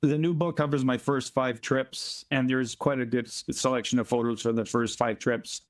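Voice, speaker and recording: A man from Canada, a volunteer being interviewed remotely, telling earnest stories in a plainspoken, emphatic way and slowing down to stress points. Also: mid-range voice, fairly even intonation. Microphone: remote call from abroad.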